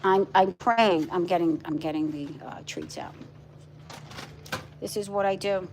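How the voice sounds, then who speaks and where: A woman's voice: fairly low pitch, unhurried, darkish tone, a little hiss or hum. A middle-aged woman chatting casually on a live stream at home, rambling and cooing to her dogs. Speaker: vlogger and pet rescuer. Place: home, indoors with pets.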